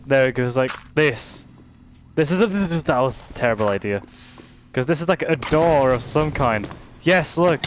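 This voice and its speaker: A young British man commenting casually on a game he is playing, swearing and reacting loudly to what happens on screen. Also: medium pitch, lively intonation, moderate pace, noisy background. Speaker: streamer.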